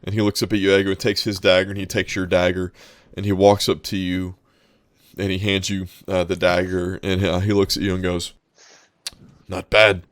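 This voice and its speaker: A man's voice: sits low, little pitch movement, a little fast, no room sound, clean studio sound. A man narrating as game master in a tabletop game, rambling and descriptive. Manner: rambling, descriptive, many restarts.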